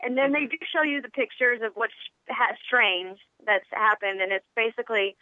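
A woman from Tennessee with a Southern accent, calling in to a radio show and telling a story in a chatty, animated way. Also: a little high, normal speed, no echo. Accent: Southern American. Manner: chatty, laughs easily, animated quoting. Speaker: caller. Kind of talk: casual phone-in storytelling. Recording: tinny phone line.

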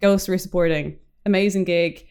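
A woman's voice: lowish voice, fairly even intonation, normal speed, darkish tone, clean tone. A woman co-hosting a podcast in casual chat, talking chattily with lots of filler words and giggles. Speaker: podcast co-host.

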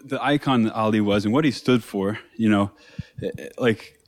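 Low-voiced reflective podcast man. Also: normal speed. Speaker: podcast co-host. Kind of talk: casual chat.

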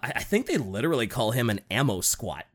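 A man hosting a casual, rambling chat, animated and giggly, with frequent swearing. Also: mid-range voice, quick pace.

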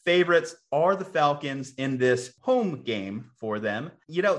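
A man's voice: medium pitch, a bit bright. A man co-hosting a sports podcast, casually analyzing matchups and making picks. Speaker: podcast co-host.

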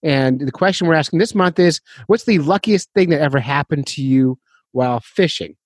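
A man's voice: on the high side, normal speed, a little mellow, dry recording. Male podcast host, loose and self-deprecating, chatty reads with a dry close mic. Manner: rambling, self-deprecating, chuckles often. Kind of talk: casual chat.

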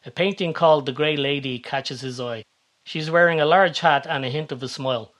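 A man's voice: fairly high pitch, fairly quick. Man reading a story. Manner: steady, even-toned reading. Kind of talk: scripted story narration.

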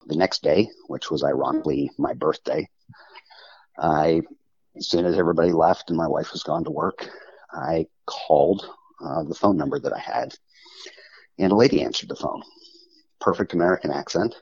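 A man telling a personal story as an interview guest, halting and restarting often, on muffled lo-fi audio. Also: very deep voice, darkish tone, slightly rough, no echo. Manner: halting, with frequent restarts and pauses.

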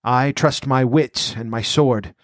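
A man voicing a scheming, ambitious outlaw noble who speaks in a measured, scornful, domineering way. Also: medium pitch, no echo, studio quality, lightly acted.

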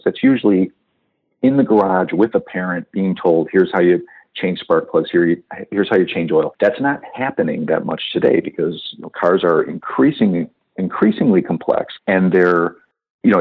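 A man being interviewed as a guest, explaining his organization's work in a measured way. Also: low voice, creaky, husky. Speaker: foundation representative, guest. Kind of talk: interview answers. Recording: tinny phone-line sound.

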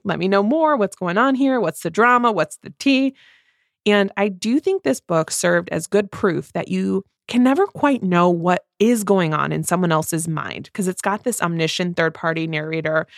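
A woman chatting casually about a book she reviews, animated and laughing often. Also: on the low side, vocal fry, dry recording, studio quality. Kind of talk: casual chat.

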